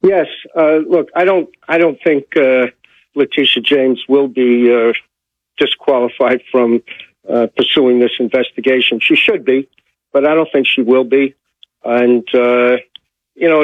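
A man speaks as a guest commentator by phone, measured and hesitant with frequent pauses. The line is tinny and narrow, and the voice sits dry and close at an ordinary male pitch. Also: no room sound. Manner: measured, hesitant, many fillers.

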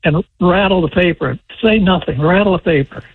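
Caller, male, 70s, husky, dry, dull phone sound, halting rambling delivery. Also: high voice, no room sound. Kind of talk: phone-in chat. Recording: muffled phone line.

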